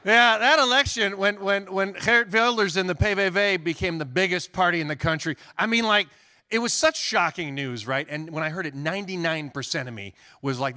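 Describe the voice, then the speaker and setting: High bright-voiced male comedian. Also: moderate pace. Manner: animated, mocking rants with put-on voices. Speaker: comedian co-host. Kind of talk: stand-up political comedy double act. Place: theater stage.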